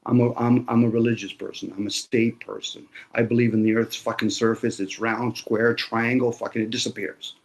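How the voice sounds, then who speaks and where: A man's voice: mid-range voice, little pitch movement, fairly quick, hardly any pauses. A man in a casual conversation, talking bluntly with lots of swearing and sarcasm. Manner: blunt, profane ranting.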